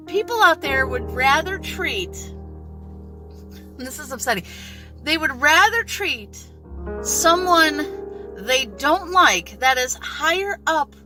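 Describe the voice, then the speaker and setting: A woman's voice: sits high, sharp tone. A woman vlogger telling a store story in a casual, earnest, exasperated rant to camera.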